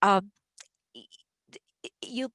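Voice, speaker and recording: A woman's voice: slow pace, a bit bright, no echo. A woman leading a training session for contest judges, talking through the ballot in a conversational way, with restarts and the odd small laugh. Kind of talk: training talk.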